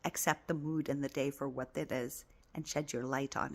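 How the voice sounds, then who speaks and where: A woman giving a spiritual self-help talk, tender and affirming, often dropping into soft whispers. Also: extremely low pitch, steady tone, normal speed, hardly any pauses. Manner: coaxing and affirming, repeating phrases. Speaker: spiritual teacher.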